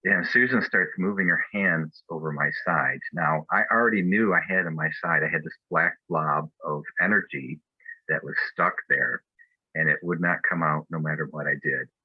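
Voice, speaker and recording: A man's voice: extremely low pitch, moderate pace, slightly rough, no echo, narrow, tinny audio. A man giving a personal testimony at a spiritual fellowship, telling his story in an earnest, reflective way.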